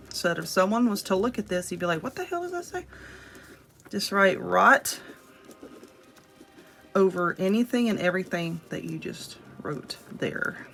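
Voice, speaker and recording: A woman's voice: fairly low pitch, gravelly, fairly bright tone. A woman with a Southern US accent giving a casual, blunt and profane spell tutorial at home, talking straight to her viewers. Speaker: witchcraft video host. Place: home room.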